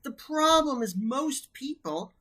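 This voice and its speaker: A man's voice: very high-pitched, animated, slow pace, pushed and bright. A man co-hosting a math lesson, insistent and emphatic, teasing his brother and urging him to get to the point. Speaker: math tutor co-host. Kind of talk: casual banter about a math problem.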